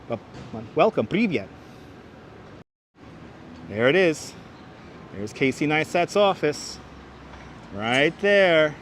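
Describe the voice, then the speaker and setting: A man's voice: on the high side, expressive, slow, pauses often, a bit bright. A man hosting a live walking tour outdoors, chatting and greeting viewers by name, on a wireless clip-on mic. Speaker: livestream host walking the city. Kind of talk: live walking-tour commentary, reading chat. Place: outdoors on busy city streets. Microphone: wireless clip-on mic, phone camera on a gimbal. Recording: faint street traffic behind.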